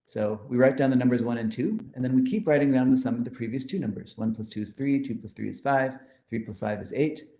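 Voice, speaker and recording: This math lecture comes from a man whose mid-range voice is mellow with a creaky edge, heard in a reverberant room. He enthusiastically breaks down formulas step by step, counting along and gesturing at his slides.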